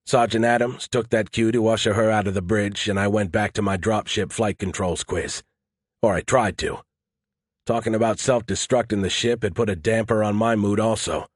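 A man's voice: on the low side, steady tone, normal speed, no echo. A man narrating a first-person audiobook in a dry, wry, matter-of-fact way.

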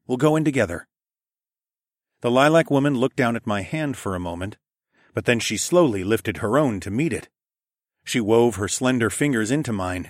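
A man narrating a first-person audiobook in an even, storytelling manner. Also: lowish voice, no room sound. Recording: dry close studio recording.

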